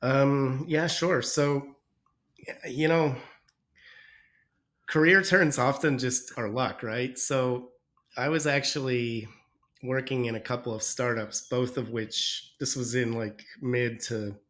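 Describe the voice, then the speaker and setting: A man's voice: medium pitch, fairly even intonation, takes it slowly, fairly bright tone. A man with a stuffy, nasal voice from a cold, telling his career story as a podcast guest, rambling and correcting himself as he goes. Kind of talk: casual interview chat.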